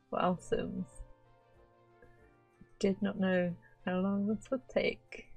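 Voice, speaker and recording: A woman's voice: lowish voice, rough recording. A woman giving casual let's-play commentary. She chats to her game characters as she plays and laughs often. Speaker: gaming channel host.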